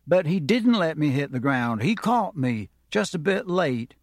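A man's voice: mid-range voice, very animated, a little slow, hardly any pauses, dry recording, clean studio sound. A man narrating a novel aloud, shifting his voice up for the characters he quotes. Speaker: audiobook narrator.

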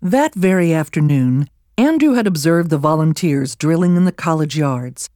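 An audiobook narrator reads scripted narration from a historical novel, measured and even, close to the microphone. The pitch is mid-range, and the sound is dry, with no room and no echo.

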